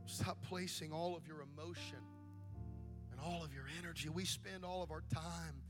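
A man preaching in a church, his voice sitting a little high for a man. He swings from hushed intensity to shouted, climbing preaching. Organ music plays clearly under him throughout. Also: fairly even intonation, normal speed. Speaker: pastor. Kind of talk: pentecostal sermon. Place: church sanctuary.

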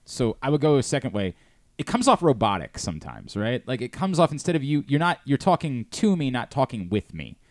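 A man's voice: medium pitch, very animated, fairly quick, dry recording. A male show host in casual studio chat, rambling and interrupting as he jumps from thought to thought.

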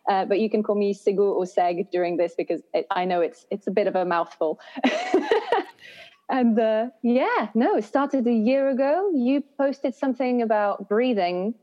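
A woman's voice: medium pitch, moderate pace. Earnest woman guest, dull lo-fi sound. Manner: reflective, flowing, earnest. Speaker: podcast guest, voice and breath coach. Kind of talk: conversational interview answers.

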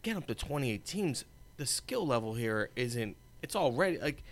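An American man co-hosts a podcast, chatting casually while he rambles, restarts and trails off mid-thought. His mid-range voice has a sing-song quality and a normal speed.

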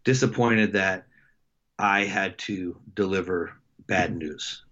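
Deep-voiced man, halting and dull-sounding. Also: a bit bright. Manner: halting, many fillers and restarts. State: emotional. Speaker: coach. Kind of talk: casual interview storytelling.

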